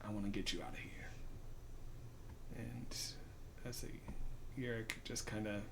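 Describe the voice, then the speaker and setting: Low-voiced dm guy rambling through a scene, lots of um and like. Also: noisy background. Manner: rambling, many fillers and restarts. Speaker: dungeon master. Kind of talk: narrating a tabletop game.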